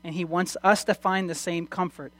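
A preacher giving a sermon, reading scripture slowly and swinging between hushed and loud emphasis, with frequent restarts. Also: mid-range voice, fairly even intonation, no echo. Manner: reads scripture aloud slowly.

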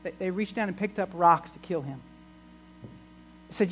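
A man's voice: high-pitched, moderate pace, long pauses, a bit bright, poor audio. Stammering preacher man, emphatic bursts. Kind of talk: sermon.

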